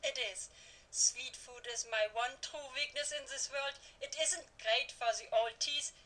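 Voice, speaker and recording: A woman's voice: sits high, steady tone, unhurried, sharp tone, full character voice, poor audio. A woman voicing an old female storyteller in a video game, with a put-on German accent and a theatrical, mysterious manner. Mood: fond. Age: older. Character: old female storyteller, ominous and food-loving. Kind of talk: video game character acting.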